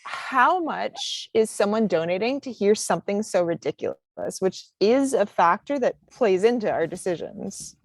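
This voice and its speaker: A woman's voice: medium pitch, lively intonation, normal speed, few pauses, no room sound. A woman on a marathon team, talking in a playful, emphatic way during a casual panel Q&A.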